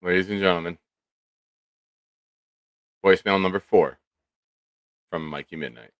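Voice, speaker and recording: A man's voice: deep voice, a little slow, dry recording, clean studio sound. Hyped-up male live-stream host. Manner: loud hype, mock cheers. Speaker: show host. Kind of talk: casual live-stream talk.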